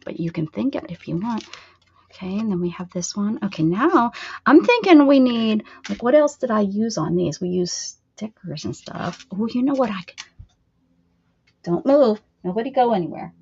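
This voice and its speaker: A woman's voice: medium pitch, animated, moderate pace, a little mellow, slightly rough, dull audio. Playful chatty woman crafting live. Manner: playful, chatty, talks to her viewers. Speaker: crafting livestream host. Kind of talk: casual live crafting chat.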